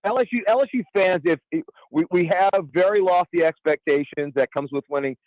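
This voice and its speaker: A man's voice: sits high, brisk, a little mellow, dry recording, low-quality recording. A man co-hosting sports radio in casual talk, often stumbling over restarts and cracking fan jokes. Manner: stammering restarts, joking fan banter.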